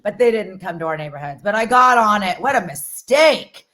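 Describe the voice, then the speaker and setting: A woman's voice: medium pitch, animated, normal speed, pushed and bright. A woman, a comedian doing a rambling, self-mocking stand-up set on a video call.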